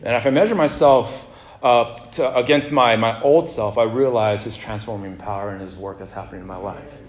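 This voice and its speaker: A man preaching a sermon in a relaxed, conversational way, with jokes and asides to the congregation. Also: lowish voice, normal speed. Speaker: pastor. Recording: echoey room.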